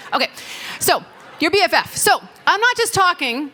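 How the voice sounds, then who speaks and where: A woman's voice: very high-pitched, very animated, normal speed, sharp tone. A woman giving a conference keynote on stage, telling stories playfully, laughing often and talking directly to the audience. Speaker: keynote speaker. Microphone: stage microphone.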